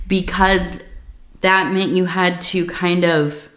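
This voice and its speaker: Woman reader, gentle and musing, unhurried delivery, recorded in an echoey room. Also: fairly low pitch, fairly even intonation. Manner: soft, reflective, meandering with many fillers. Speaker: tea leaf reader. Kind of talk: intimate spoken reading. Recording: roomy echo.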